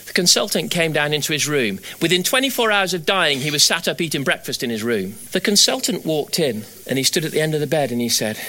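This middle-aged man's preaching climbs toward fervent exhortation at a high pitch and then settles into a hushed storytelling mode.

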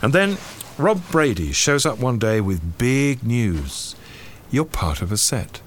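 An actor playing a priest who questions a suspect in a measured, probing, sardonic way. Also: male voice, medium pitch, sing-song, a little hiss or hum. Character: shrewd male priest interrogating a suspect. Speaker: priest investigator.

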